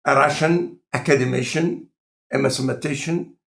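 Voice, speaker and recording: A man with an Egyptian accent and a non-native speaker of English, talking in a relaxed, conversational lecture style with deliberate, halting phrasing. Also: mid-range voice, vocal fry. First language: Arabic. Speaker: scientist in conversation.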